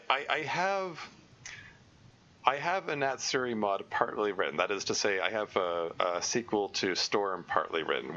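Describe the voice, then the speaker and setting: Deep-voiced man stammering through a playthrough. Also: bright, forceful tone, highs cut off, slight background noise. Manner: stammering, repeats words, laughs often. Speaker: let's play gamer. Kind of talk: reading a visual novel aloud with commentary.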